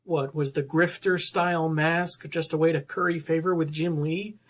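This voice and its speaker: Lower-voiced snarky woman reviewer. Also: moderate pace, hardly any pauses. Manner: snarky, exasperated. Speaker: comic book reviewer. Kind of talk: comedic commentary.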